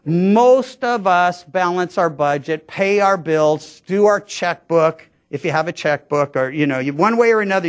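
A pastor giving a conversational verse-by-verse sermon, often restarting his sentences. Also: high-pitched. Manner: conversational, frequent stammered restarts. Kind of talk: sermon, verse-by-verse Bible teaching.

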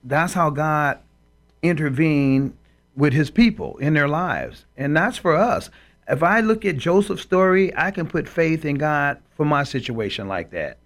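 A man's voice: on the high side, expressive, measured pace. A man co-hosting a Christian talk show, speaking in an emphatic, preacherly way and quoting scripture. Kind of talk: faith talk show discussion.

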